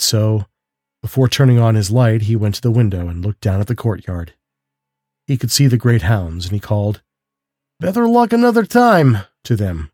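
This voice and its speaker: A man who hosts a story show, reading a calm mystery tale aloud at a measured, steady pace. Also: lowish voice, slightly rough, no echo, studio quality. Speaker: narrator and host of a story show. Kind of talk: calm audiobook story narration.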